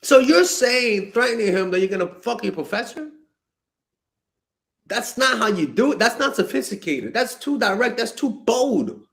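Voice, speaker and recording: Animated, exasperated male dating coach. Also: extremely high pitch, normal speed. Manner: exasperated, emphatic, swears and exclaims. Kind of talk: casual advice monologue answering viewer questions.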